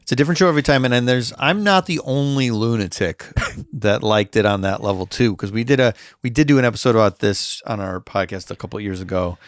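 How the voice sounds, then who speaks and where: A man's voice: fairly low pitch, fast talker, dry recording, clean studio sound. A man guesting on a podcast, telling rambling self-deprecating stories with laughs. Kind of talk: casual podcast chat.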